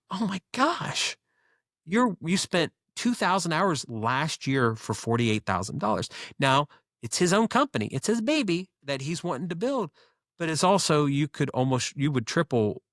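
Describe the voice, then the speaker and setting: A man, a guest business owner, telling stories in a casual interview with quick, animated delivery and frequent restarts. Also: mid-range voice, dry recording, clean studio sound.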